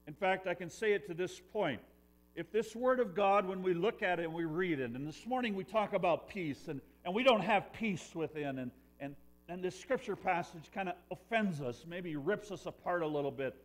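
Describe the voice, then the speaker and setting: A man preaching a sermon in a church, earnest, swinging between loud emphasis and hushed lines. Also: sits high, expressive, normal speed. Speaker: pastor.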